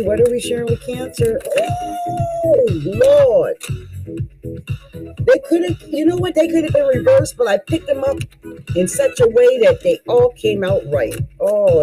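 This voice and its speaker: A tarot reader talks through a casual card reading with lively, swooping pitch and plenty of exclamations. The delivery is folksy and coaching, aimed straight at the listener, with faint music underneath. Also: poor audio.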